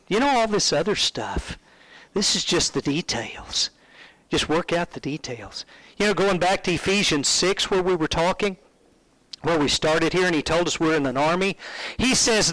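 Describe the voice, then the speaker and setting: A male preacher delivers a sermon in an animated, conversational storytelling manner and often questions his listeners. His voice sits high. The sound is dry and close. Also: no room sound, poor audio.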